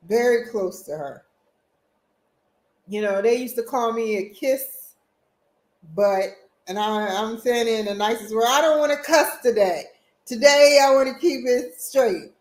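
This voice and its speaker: Woman vlogger, fairly high voice, slow and halting personal storytelling, roomy echo. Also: darkish tone. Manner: halting, repetitive, emotional retelling with restarts. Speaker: vlog host.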